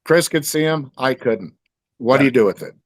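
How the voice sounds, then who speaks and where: A man's voice: mid-range voice, animated, moderate pace, no echo. A man telling a story in casual conversation, rambling, with many fillers and restarts. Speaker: guest.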